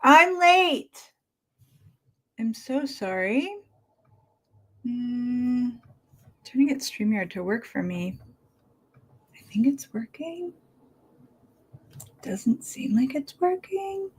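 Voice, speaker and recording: A woman's voice: on the high side, animated, mellow, a little hiss or hum. A woman hosting a casual live stream, talking with a slight lisp from costume fangs, musing and trailing off as she speaks. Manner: slow, musing, trailing off and restarting. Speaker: livestream host.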